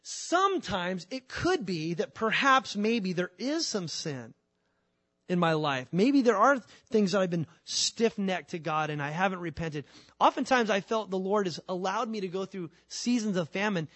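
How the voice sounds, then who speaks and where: Middle-aged male preacher, high voice, lively and conversational, dry recording. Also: normal speed, dry recording. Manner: animated, acts out voices of God and his kids. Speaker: pastor. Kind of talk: sermon.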